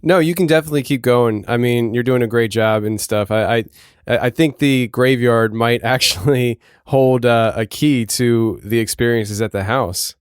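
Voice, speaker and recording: A podcast host speaks in a smooth, clear voice, close and dry with no room sound. The delivery is encouraging, with small hesitant restarts. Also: medium pitch, normal speed, no echo.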